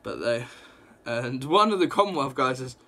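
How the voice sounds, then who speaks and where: A young man casually reviewing a comic book, rambling and excitable, with lots of fillers and restarts. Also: medium pitch, normal speed. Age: young adult.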